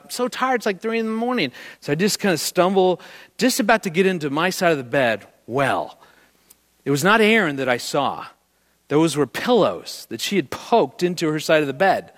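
A middle-aged man presents on marriage in a fairly high, animated voice. He tells stories with gusto and keeps drawing the audience in with questions. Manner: animated storyteller who quizzes the audience. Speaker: marriage speaker giving a presentation. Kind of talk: live talk to an audience.

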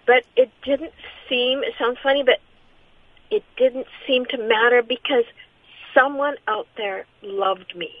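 A middle-aged woman giving a personal testimony as an interview guest, speaking in a halting, earnest way with many restarts. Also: on the high side, fairly even intonation, no echo. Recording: tinny phone-line sound.

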